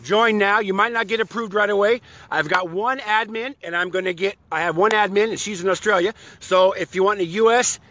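A man with a high-pitched, pushed and bright voice talks fairly quickly with few pauses, and there's no echo. He's hosting a live stream for his online community, chatting to followers in a playful, exuberant, rambling way. He restarts often, greets viewers by name, and breaks into silly songs.

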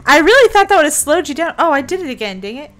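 A woman's voice: high voice, sing-song, quick pace, a bit bright. A woman chatting casually while gaming, giggly and self-deprecating. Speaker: gamer. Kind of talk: casual gameplay banter.

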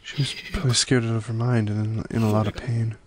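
A young man hosting a let's play, reading the game's dialogue aloud and reacting with excitable, profane outbursts. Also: fairly low pitch, fast talker, a little hiss or hum.

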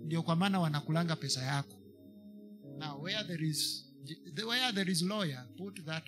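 A man's voice: on the high side, normal speed, music in the background. A man with a Kenyan English accent preaching a sermon to a congregation, slipping into Swahili and repeating lines for emphasis.

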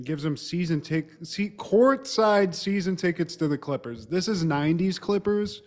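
A man's voice: high-pitched, moderate pace, hardly any pauses. A man co-hosting a podcast, casually retelling a TV episode and slipping into the characters' lines, with some mild swearing. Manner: relaxed storytelling, quoting characters, mild swearing. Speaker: podcast co-host. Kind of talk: casual chat recapping a TV episode.

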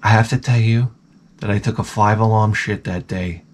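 A man hosting a comedy podcast, telling crude stories in a rambling, profane, deadpan way. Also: fairly low pitch, normal speed, slight background noise. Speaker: podcast host.

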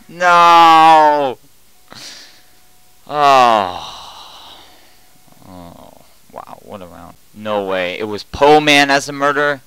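Young man yelling over a game. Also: fairly high pitch, lively intonation, slow, long pauses, clear, resonant tone, no room sound, poor audio. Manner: jumps between quiet muttering and loud panicked yelling. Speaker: gaming commentator. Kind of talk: excited gameplay commentary.

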